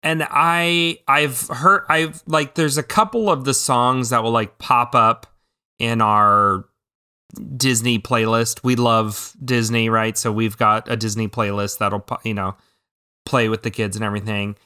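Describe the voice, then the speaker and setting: Bright, smooth-voiced man chatting about movies. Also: medium pitch, fairly even intonation, a little slow. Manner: enthusiastic, with frequent ums and restarts. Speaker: podcast co-host. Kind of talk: casual movie discussion.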